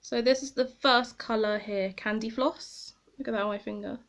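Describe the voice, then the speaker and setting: A woman's voice: a little high, fairly even intonation, normal speed, hardly any pauses. A woman chatting casually to camera as a beauty vlogger, rambling and commenting on herself as she tries products. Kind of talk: casual makeup review to camera.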